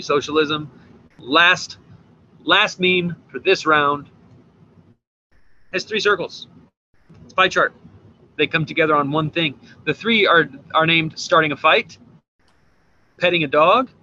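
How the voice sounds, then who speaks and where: A man co-hosting a casual comedy podcast, reading memes with wry, deadpan delivery. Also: fairly high pitch, measured pace, long pauses. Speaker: podcast co-host. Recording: dull lo-fi mic with faint hiss.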